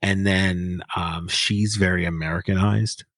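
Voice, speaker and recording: Low-voiced man in casual book chat. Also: fairly even intonation, fairly bright tone. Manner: rambling, halting, joking storytelling. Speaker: podcast co-host, book reviewer.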